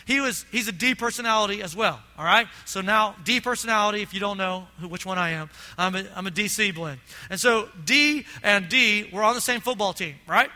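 Middle-aged pastor guy preaching, super high voice, big reverb from the church hall. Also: a little fast, hardly any pauses. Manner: animated storytelling, frequent "all right?" check-ins. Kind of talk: sermon. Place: church sanctuary.

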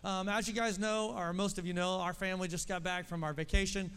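A man's voice: high-pitched, steady tone, fairly quick, a bit bright, clean tone. A pastor from Oklahoma, a man leading a church service with enthusiasm and saying "man" often. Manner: enthusiastic, says "man" a lot. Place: church sanctuary in Texas. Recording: long reverb of a large church.

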